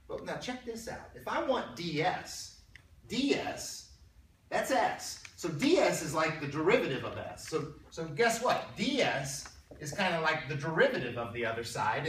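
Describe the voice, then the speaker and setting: A man's voice: on the high side, a bit bright. Man lecturing in an echoey classroom. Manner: conversational, repeats himself, quizzes students. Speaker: math instructor. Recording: roomy, distant classroom recording with faint noise.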